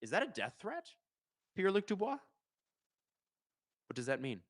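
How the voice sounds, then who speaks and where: A man hosting a live hockey watch-along stream, chatting casually, joking and reading viewer comments aloud before breaking into quick play-by-play. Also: sits high, huge pitch swings, dry recording.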